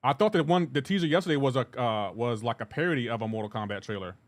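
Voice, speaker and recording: Male streamer, relaxed and rambling, mid-range voice, reads chat aloud between plays. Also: mid-range voice, fast talker. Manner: laid-back, reads chat messages aloud and answers them; rambling with frequent restarts and asides to gameplay. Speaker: live streamer. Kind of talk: casual gaming livestream chat.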